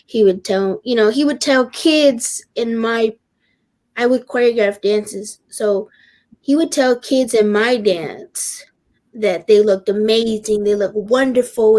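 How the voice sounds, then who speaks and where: Emotional teen girl, fairly high voice. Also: darkish tone. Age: teens. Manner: earnest, halting, with many restarts; openly emotional. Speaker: teen podcast guest. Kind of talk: personal podcast conversation.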